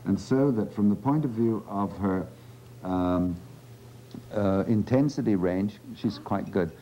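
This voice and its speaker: A man, a speech clinician, gives a measured, explanatory demonstration of a speech evaluation on an old dull lo-fi 1980 videotape. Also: on the low side, dark tone, a little hiss or hum. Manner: measured, explanatory, patient coaxing with a child. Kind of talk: instructional demonstration.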